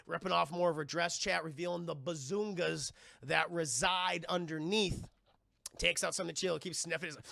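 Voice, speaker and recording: A man live-streaming a casual, profane scene-by-scene film retelling, animated and slipping into quick voices for the characters. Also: high voice, creaky, no room sound, studio quality.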